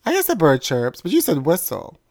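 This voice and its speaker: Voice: medium pitch, wildly swooping pitch, brisk, darkish tone, dry recording, studio quality. A podcast co-host telling a long funny family anecdote in casual chat, chatty and laughing at their own story.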